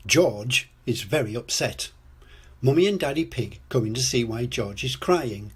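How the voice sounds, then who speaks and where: An older man reading a children's storybook aloud as a storyteller grandad, in a slow gentle read-aloud. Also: medium pitch, lively intonation, husky.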